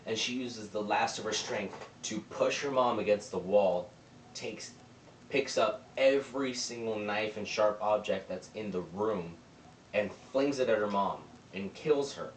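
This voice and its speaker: A young man with a lowish voice walks through a movie's plot in a loose, rambling recap, slipping into the characters' lines as he goes. He sits some way back from the mic in a roomy space, with a faint hum of ambience behind him. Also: measured pace, recorded from a distance. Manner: rambling, retells scenes with quoted lines. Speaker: movie reviewer.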